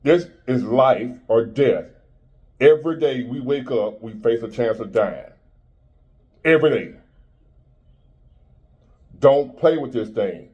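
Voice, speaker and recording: A man's voice: mid-range voice, takes it slowly, pauses often, a little mellow. A man in his fifties giving a blunt, preachy motivational monologue in street-style talk. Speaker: motivational speaker.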